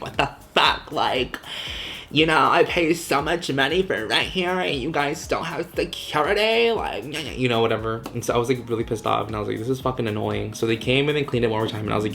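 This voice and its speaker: A man's voice: medium pitch, gravelly. A man in his twenties from Southern California, telling a casual storytime vlog. He swears constantly, leans on "like," drops in Spanish words and acts out his own reactions. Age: 20s. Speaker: vlogger.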